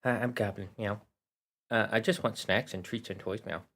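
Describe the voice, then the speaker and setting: Lazy pet cat voiced by a man, soft, hushed, simple, treat-hungry. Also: on the low side, steady tone, moderate pace. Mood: wheedling.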